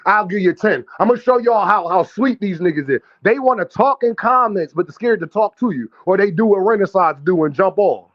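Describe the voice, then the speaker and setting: Brash high-voiced male stream host. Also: lively intonation, brisk, hardly any pauses, dull audio. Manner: brash, profane trash-talking; addresses chat directly and calls out viewers. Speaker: boxing livestream host. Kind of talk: casual livestream commentary.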